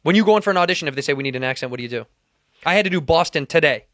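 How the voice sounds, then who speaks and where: A man's voice: fairly high pitch, expressive, very fast, a bit bright, no echo, studio quality. A man co-hosting a comedy podcast, teasing and needling his partner in casual banter. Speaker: podcast co-host.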